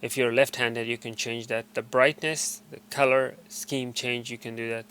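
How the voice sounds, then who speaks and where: This tutorial presenter walks viewers through device settings in a relaxed screen walkthrough, stumbling with fillers and restarts and often stopping mid-sentence to try again. His mid-range voice shows little pitch movement, moves at normal speed, and sounds fairly bright, with slight hiss or hum.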